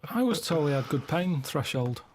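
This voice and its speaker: Deadpan man rambling through anecdotes. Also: a little high, normal speed, a little hiss or hum. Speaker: co-host. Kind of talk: casual comedic chat.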